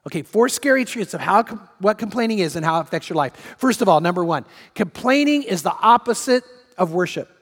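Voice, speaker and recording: A man with a high voice delivers a sermon from the pulpit. He preaches emphatically, repeating his main points and voicing the people he quotes. His words carry a long reverb through a large church hall. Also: expressive, a little fast, a bit bright. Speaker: pastor.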